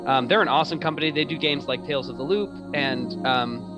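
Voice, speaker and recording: A man's voice: medium pitch, brisk, over music. A man hosting and running a tabletop role-playing game, chatting casually with many fillers and restarts. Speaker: game master.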